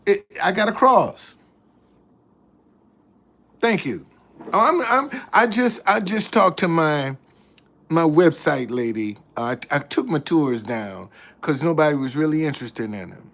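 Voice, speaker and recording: A man with a gravelly, creaky voice tells stories slowly and unhurriedly. He is a tour guide chatting casually to the camera. He circles back, repeating and restarting phrases as he goes. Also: a little high, animated, a bit bright.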